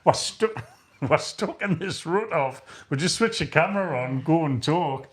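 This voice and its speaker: A man's voice: a little high, animated, measured pace. A middle-aged man with a chatty, rambling, self-mocking way of talking, co-hosting a casual live chat. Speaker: co-host of a live chat stream.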